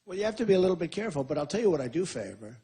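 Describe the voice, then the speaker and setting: A man in his sixties speaks to a rally crowd and answers their questions, leaning on repetition and boastful emphasis. His voice sits a touch high for a man and has a husky, slightly rough edge. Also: big pitch swings, rapid-fire, warm tone. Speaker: presidential candidate at a rally. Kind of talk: campaign Q&A speech.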